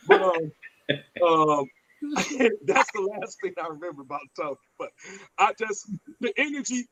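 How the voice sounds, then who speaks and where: A man's voice: sits high, brisk, a crowd in the background, low-quality recording. A man, telling stories bluntly and profanely in a casual podcast chat. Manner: blunt, profane, animated storyteller.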